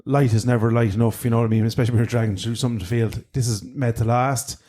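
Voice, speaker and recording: An Irish man co-hosts a casual podcast in an easygoing, meandering way. He circles back and restarts his sentences often, and his voice sits in a middle pitch. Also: fairly even intonation, racing, warm tone. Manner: rambling, with many restarts and fillers. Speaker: podcast co-host. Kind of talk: casual gear review chat.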